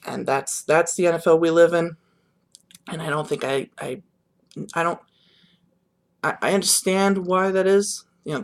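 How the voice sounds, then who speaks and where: A young man vlogging his reaction to the games in a rambling, subdued, disappointed way, with many fillers and restarts. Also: fairly high pitch. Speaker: sports vlogger. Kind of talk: casual reaction monologue.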